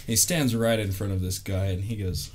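A man's voice: fairly low pitch, fairly even intonation, moderate pace, darkish tone, slight background noise. A young man telling stories in casual chat, loose and laid-back, full of fillers and laughs. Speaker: interviewee, army veteran.

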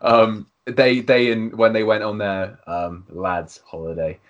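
Man, low voice, podcast host, easygoing, laughs a lot. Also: little pitch movement, measured pace, muffled recording. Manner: easygoing, laughs between remarks. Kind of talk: casual interview chat.

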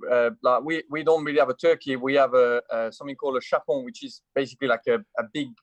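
A man's voice: mid-range voice, steady tone, fast, no room sound. A man from France with a French accent, a guest telling stories in casual chat, hesitant with many fillers and restarts. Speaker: guest, motorcycle racer.

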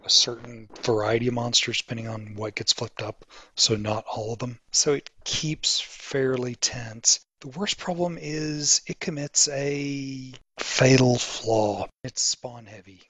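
A man's voice: mid-range voice, steady tone, a little slow, pushed and bright, slightly rough, no echo. A man co-hosting a podcast, explaining things at length in eager, casual chat. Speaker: podcast co-host.

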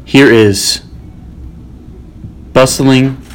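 Slow, hesitant man hosting a homemade podcast. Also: medium pitch, steady tone, slight background noise. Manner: hesitant, lots of ums and uhs. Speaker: podcast host.

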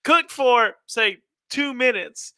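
High, bright young man joking around. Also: slow pace, clean tone, no room sound, studio quality. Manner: joking, laughing, swearing. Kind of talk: casual chat.

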